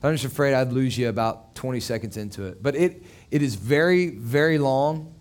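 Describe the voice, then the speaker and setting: A man's voice: medium pitch, a little mellow. A man preaching a sermon in a conversational, joking way, with many fillers and restarts. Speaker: pastor.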